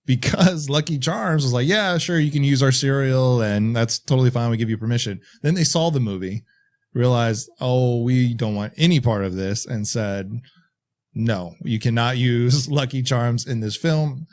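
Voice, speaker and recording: A man with a mid-range voice, talking casually on a horror podcast. He shares behind-the-scenes movie trivia in an easygoing way, pausing to find names. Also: mid-range voice. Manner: relaxed, shares trivia with hesitations. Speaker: podcast co-host.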